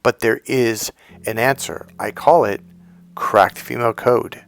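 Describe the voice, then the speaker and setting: A man's voice: mid-range voice, steady tone, a little slow, gravelly. A man talking as a dating coach, casual and direct, acting out quoted women in a raised voice. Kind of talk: casual direct-to-camera talk.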